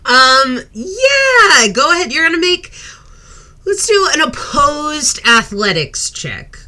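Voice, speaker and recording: A woman narrating as game master of a tabletop game, halting with many fillers. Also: high voice, very animated, pushed and bright.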